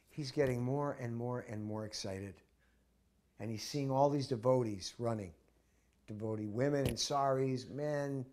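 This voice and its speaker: A man with a gravelly, creaky voice shares memories in an interview. He tells the story in an animated way, with quick restarts, and acts out the voices of the people in it. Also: medium pitch. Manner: acts out the voices in his stories; vivid, with restarts.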